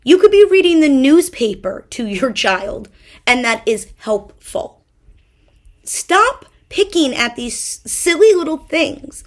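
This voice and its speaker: A woman's voice: high voice, sing-song, slow. A young woman hosting a mom podcast, ranting in an exasperated way, stumbling over repeated words and swearing. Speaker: podcast host. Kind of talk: ranting monologue.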